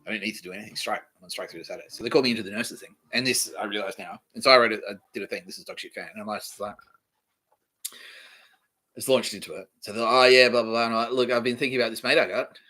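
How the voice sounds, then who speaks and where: A man with an Australian accent delivering a rambling, profane comedic monologue, repeating himself and swinging between loud outbursts and mumbling. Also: fairly low pitch, very fast, slightly rough. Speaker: podcast host.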